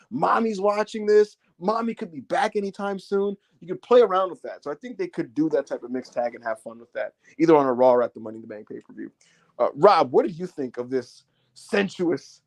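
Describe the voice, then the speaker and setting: Guy hosting a wrestling podcast, lively, does little voices for quotes, bit high pitched. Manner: animated, acts out quotes, swears freely. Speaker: podcast co-host. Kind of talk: casual wrestling review chat.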